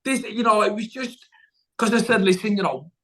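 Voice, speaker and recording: A man's voice: sits high, expressive, normal speed, a bit bright, rough recording. A man, a guest actor on a podcast, telling a long story in casual chat, rambling and restarting, acting out what people said. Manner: rambling, with many restarts and acted-out quotes.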